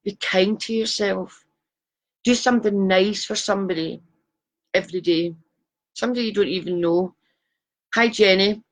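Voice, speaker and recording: A middle-aged woman with a Glasgow Scottish accent, her pitch sitting in an ordinary middle range. She talks casually on a live stream, chatty and self-deprecating, greeting viewers one after another. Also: steady tone, normal speed, pauses often. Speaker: psychic and live stream host.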